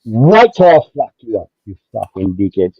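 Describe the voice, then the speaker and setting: A man's voice: fairly low pitch, sing-song, moderate pace, husky, dry recording. A man hosting a livestream, ranting aggressively and swearing again and again. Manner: aggressive, swearing, repetitive, heated. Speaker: livestream host. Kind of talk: profane livestream rant. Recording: dull lo-fi dry stream audio.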